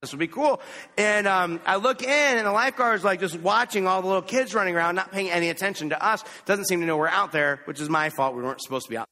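A man preaching a sermon, telling a lively, self-mocking story about himself. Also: high voice, quick pace. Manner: animated, self-mocking anecdote. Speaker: pastor. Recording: echoey hall.

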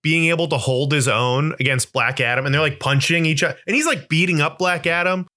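Bright-voiced excitable man ranting. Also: a little high, a little fast. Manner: animated, profane ranting, voice jumps up when worked up. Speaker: podcast co-host. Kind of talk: casual movie chat.

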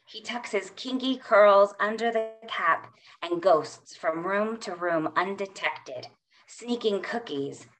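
A middle-aged woman poet gives a poetry reading in a lowish voice. She takes her time over every line, measured and unhurried, with soft pauses between phrases.

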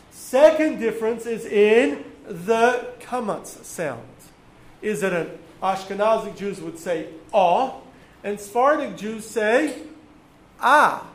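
A man teaching a class, explaining patiently with frequent ums and pauses. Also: high voice. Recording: echoey room with faint noise.

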